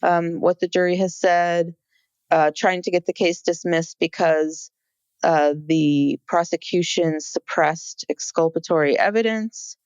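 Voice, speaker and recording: A woman's voice: fairly low pitch, fairly even intonation, measured pace, darkish tone, clear, resonant tone, no room sound. A woman co-hosting a podcast, talking casually about a court case, with many fillers and restarts. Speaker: podcast co-host.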